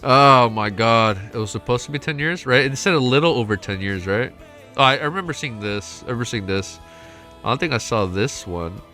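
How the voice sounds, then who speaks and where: A young man with a stuffy nose reads a story aloud on a live stream and reacts to it between passages. His voice is bright and forward, he swears freely and gets excitable, and he sounds on the edge of tears. Faint music plays underneath. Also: medium pitch, a little fast. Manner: excitable, swears a lot, laughs often. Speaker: streamer reacting to a web novel.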